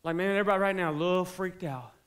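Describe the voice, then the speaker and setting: This is a man in his forties, a pastor with a high-pitched voice. He preaches in a loose, joking, conversational way and builds into fervent exhortation. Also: very fast, fairly bright tone. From South Carolina, US. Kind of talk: sermon.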